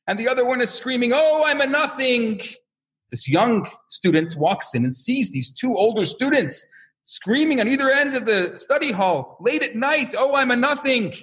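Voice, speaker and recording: A man giving a religious lecture as a rabbi, telling stories and acting out the quotes. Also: fairly high pitch. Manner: animated storyteller who acts out quotes.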